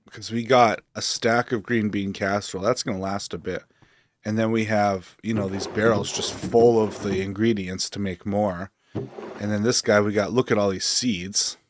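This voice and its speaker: A man's voice: lowish voice, steady tone, moderate pace, a little hiss or hum. A man streaming a game, talking casually and rambling as he thinks aloud with lots of fillers. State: hiccups. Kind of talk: casual gameplay commentary.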